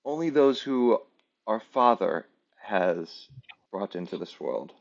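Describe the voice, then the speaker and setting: A man's voice: on the low side, sing-song, takes it slowly, creaky, lo-fi sound, exaggerated voice. A man voicing a poised, formal female silver dragon. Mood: stately.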